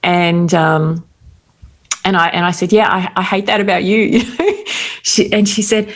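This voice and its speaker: A middle-aged Australian woman telling personal stories candidly in casual conversation, with quick asides. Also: on the low side, fairly even intonation. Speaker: guest.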